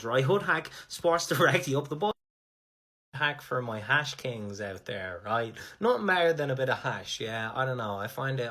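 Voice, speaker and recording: A young Irish man giving mock-serious comic advice in a deadpan monologue, swearing casually. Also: medium pitch. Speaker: comedy sketch creator.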